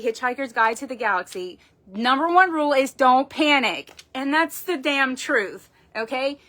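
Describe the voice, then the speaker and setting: Into a phone, a woman gives a live-streamed tarot reading, her voice high and sharp. She speaks emphatically in a folksy manner, swearing casually as she goes.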